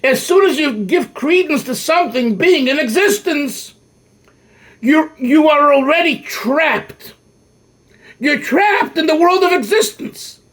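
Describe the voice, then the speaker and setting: An older man leads a Torah class in a voice that sits unusually high for a man. He speaks emphatically and with lots of animation, often breaking off and restarting a phrase before pressing his point. He talks like a teacher working through a text with his students. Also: animated, takes it slowly, fairly bright tone. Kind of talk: Torah lecture.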